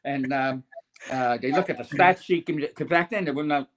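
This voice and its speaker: A man's voice: mid-range voice, normal speed, crowd noise. An older man, a sportswriter guest, telling long anecdotes with frequent restarts and chuckles. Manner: rambling, chuckling storyteller with many restarts. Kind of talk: anecdotal podcast storytelling.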